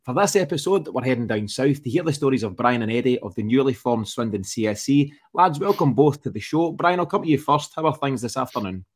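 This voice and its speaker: Podcast host with a mid-pitch voice. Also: male voice, expressive, fairly quick, hardly any pauses, breathy edge. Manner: friendly, steering questions with fillers. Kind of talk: hosted podcast interview.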